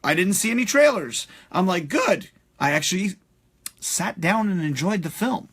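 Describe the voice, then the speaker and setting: A man hosting a live stream, ranting in a profane, animated way with many fillers. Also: high voice, normal speed, husky. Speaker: host.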